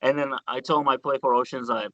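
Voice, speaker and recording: A man with a bright, forceful voice tells loose stories in casual chat, circling back and restarting his sentences and calling the host "dude". The sound is close and dry, with no room around it. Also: mid-range voice, steady tone, quick pace, vocal fry, dry recording, highs cut off. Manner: rambling anecdotes full of restarts, "dude" and "man". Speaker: guest bassist.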